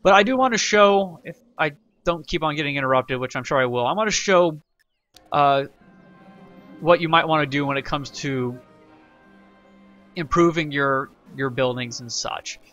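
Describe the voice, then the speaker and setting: A man hosts a relaxed gameplay tutorial, reading event text aloud and drifting into side remarks. His tone is bright and forceful, set slightly higher than most men's. The recording is dull and lo-fi. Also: normal speed, soft background music. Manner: chatty, rambling, reads game text aloud, self-correcting. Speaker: let's play host. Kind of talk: casual gameplay tutorial commentary.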